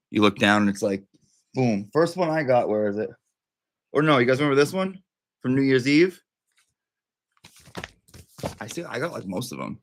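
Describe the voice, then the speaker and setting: A man's voice: fairly low pitch, dry recording. A man hosting a casual livestream, chatty and profane, breaking off to talk to his dog. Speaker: livestream host.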